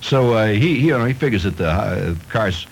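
A man's voice: lowish voice, lively intonation, normal speed, vocal fry, slight background noise, rough recording. A middle-aged man hosting a radio show, reading odd news stories aloud and spinning them into playful comic tales. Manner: playful storytelling with chuckles. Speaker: radio host.

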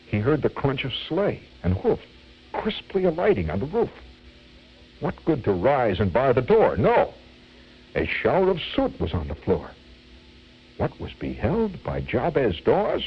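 Slow, husky man reading a poem. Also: medium pitch, very animated. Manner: playful, teasing asides to listeners; chuckling, theatrical. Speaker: radio host reading poetry. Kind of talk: dramatic poetry reading. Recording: dull lo-fi radio recording with faint music.

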